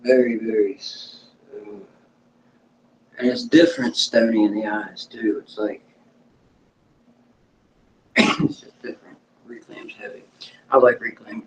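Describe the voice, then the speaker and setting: A man's voice: fairly low pitch, steady tone, unhurried, long pauses. A man casually reviewing cannabis at home, laid-back and rambling, hedging what he remembers. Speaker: cannabis vlogger. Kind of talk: casual product review chat. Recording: distant, dull home recording with faint noise.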